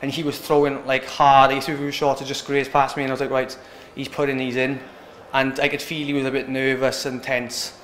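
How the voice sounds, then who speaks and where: Young man, British fighter, casual rambling, quick, echoey room, faint background hum. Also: medium pitch, monotone, fairly bright tone. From Britain. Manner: rambling, casual, keeps asking "do you know what I mean". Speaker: MMA fighter. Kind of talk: post-fight interview.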